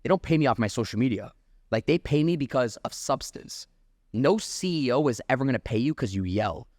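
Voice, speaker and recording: Fast-talking, energetic man. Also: mid-range voice, dry recording, clean studio sound. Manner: fast, energetic, lots of "like" and restarts. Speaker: sales trainer, guest. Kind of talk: casual podcast chat.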